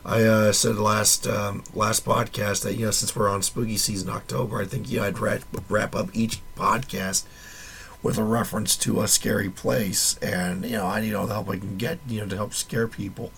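A man's voice: lowish voice, level tone, moderate pace, vocal fry, fairly bright tone, a little hiss or hum. A man hosting a casual solo podcast, rambling and wry with a little profanity, his voice worn and nearly gone. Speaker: podcast host.

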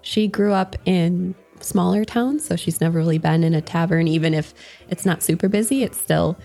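A woman playing a tabletop game, calmly describing her character. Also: lowish voice, normal speed, creaky, faint music behind. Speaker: player.

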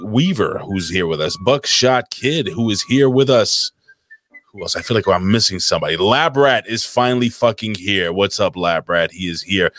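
A man's voice: lowish voice, a bit bright. A man co-hosting a live podcast, bantering loosely and swearing while reading out chat names. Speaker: podcast co-host.

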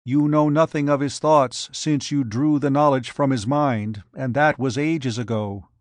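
A man's voice: medium pitch, fairly even intonation, unhurried, no echo, natural voice. A man reading aloud, voicing a fearful young woman who pleads and trembles. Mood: doubting. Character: young frightened woman companion.

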